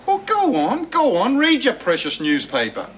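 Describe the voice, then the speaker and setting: A cheeky young Australian man fires back playful teasing. His voice runs high and lively. The sound is a noisy sitcom soundtrack. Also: moderate pace, full character voice. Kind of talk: sitcom acting.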